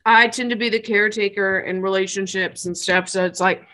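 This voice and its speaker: A woman's voice: mid-range voice, steady tone, brisk, bright, forceful tone. A woman co-hosting a casual chat, emotional and emphatic, laughing often. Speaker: podcast co-host. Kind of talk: casual chat about an anime.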